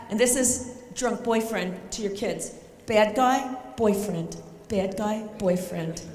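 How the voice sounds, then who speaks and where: A middle-aged woman giving an animated, emphatic motivational talk on self-defense, joking and acting out scenes. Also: mid-range voice, a little hiss or hum. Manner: emphatic, jokey, often shouting and acting out scenes. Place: large conference hall. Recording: echoey hall, faint ambience.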